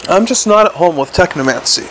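A man playing a weary, suspicious middle-aged police commander who speaks in curt, gruff lines. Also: high-pitched, lively intonation, brisk, fairly bright tone, a little hiss or hum, pitched above the performer's own voice, low-quality recording.

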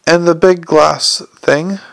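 A man's voice: a little high, steady tone, slow, creaky, a bit bright, dry recording, heavily acted. A man reading the part of a courteous, unflappable young police captain who calls everyone sir. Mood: politely probing. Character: polite earnest young male police captain.

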